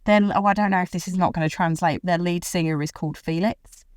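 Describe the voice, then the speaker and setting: A woman's voice: fairly low pitch, steady tone, quick pace, no room sound. A British woman hosting a podcast in a studio, chatting casually and rambling with lots of likes. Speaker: podcast host. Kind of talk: casual chat. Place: recording studio.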